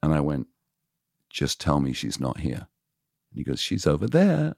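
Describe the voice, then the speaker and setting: Seasoned radio DJ as podcast guest, frank and animated, voices the people in his stories; rumbling low pitch, dead-dry room. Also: normal speed, dry recording. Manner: animated, acts out quoted dialogue; frank, confessional. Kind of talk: casual storytelling in interview.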